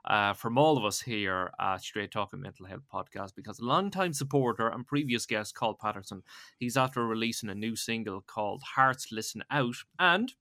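Bright-voiced Irish man hosting a podcast. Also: on the low side, moderate pace, no echo, clean studio sound. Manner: chatty, laughs often, animated storytelling. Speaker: podcast host. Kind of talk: casual podcast chat.

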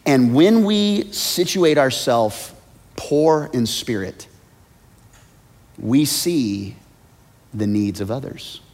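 A man preaching a sermon as a pastor, swinging between hushed, almost whispered asides and loud, high-pitched shouts. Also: animated, very slow, long pauses. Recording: long hall reverb.

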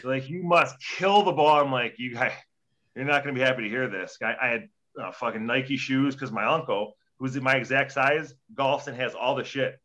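Profane storytelling man, bright tone. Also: medium pitch, brisk. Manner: profane, animated storytelling with acted-out quotes. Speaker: guest, former hockey player. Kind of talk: casual storytelling. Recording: dull lo-fi audio.

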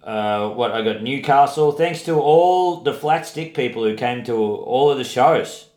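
A man's voice: mid-range voice, measured pace, a little mellow, roomy sound. A man, co-hosting a podcast in casual chat and telling rambling stories full of fillers. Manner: laid-back, rambling storyteller with frequent fillers. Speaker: podcast co-host, touring comedian.

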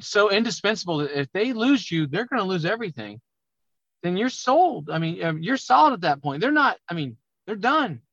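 A man talking loudly and emphatically as a business coach in a conversational podcast interview. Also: on the high side, no room sound, highs cut off. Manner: loud, emphatic, animated talker. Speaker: auto repair business coach.

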